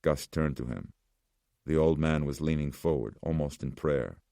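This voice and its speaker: A man narrating an audiobook in a steady, dark, deliberate manner. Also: extremely low pitch, creaky, dry recording, clean studio sound. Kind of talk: scripted narration.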